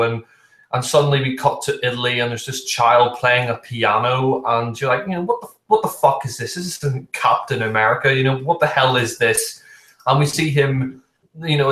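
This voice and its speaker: A man's voice: medium pitch, a bit bright, roomy sound, poor audio. A man gives a blunt, casual film review, rambling and profane with plenty of fillers.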